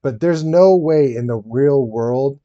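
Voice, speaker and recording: A man's voice: medium pitch, takes it slowly, warm tone, no room sound, lo-fi sound. A man streaming live while building a Lego set, chatting casually and rambling, laughing often and answering his chat.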